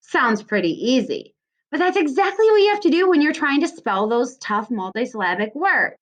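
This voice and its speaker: A woman's voice: sits high, big pitch swings, moderate pace. A woman teacher giving a recorded lesson to young children, stretching out syllables in a sing-song way. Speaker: second grade teacher.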